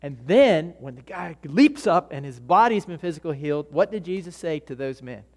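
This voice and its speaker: A man's voice: on the high side, very animated, moderate pace. A man preaching a sermon as a pastor, telling stories casually, acting out voices and often restarting his sentences. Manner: conversational storytelling, acts out voices, many restarts. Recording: long hall reverb.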